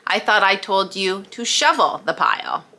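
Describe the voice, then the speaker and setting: A woman's voice: mid-range voice, expressive, moderate pace, sharp tone. A woman voicing a bossy male construction foreman with a curt, commanding delivery.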